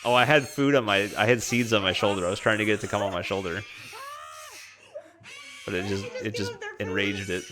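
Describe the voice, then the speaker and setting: A man's voice: fairly low pitch, fairly even intonation, fairly quick, pauses often, crowd noise. A man giving casual, playful commentary over his trip photos and clips, amused and chatty, drawing out silly asides. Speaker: vlogger recapping a trip. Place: indoors at home streaming.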